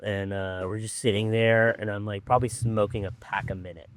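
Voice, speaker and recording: Casting: man, lower-pitched, casual podcast storyteller, loose and rambling with constant fillers. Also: level tone, fairly quick, a little hiss or hum. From Orange County, California. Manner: rambling, filler-heavy, laid-back. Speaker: treatment program director.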